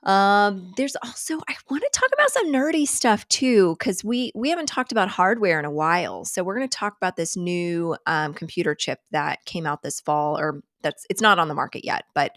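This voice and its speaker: A woman's voice: lowish voice, expressive, normal speed, few pauses, fairly bright tone, no room sound, studio quality. A woman hosting a casual live coffee chat, rambling and self-deprecating, joking and laughing often.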